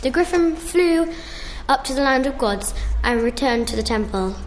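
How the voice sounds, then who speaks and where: A woman's voice: high-pitched, expressive, a little hiss or hum. Woman reading a storybook tale. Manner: slow, careful read-aloud with small restarts.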